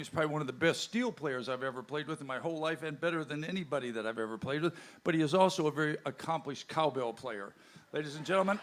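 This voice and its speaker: A man's voice: fairly high pitch, a bit bright. Folksy joking man at a live show. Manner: folksy, joking banter with the audience. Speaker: bandleader and stage host. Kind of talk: onstage band introductions. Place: live music venue with a crowd. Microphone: stage microphone.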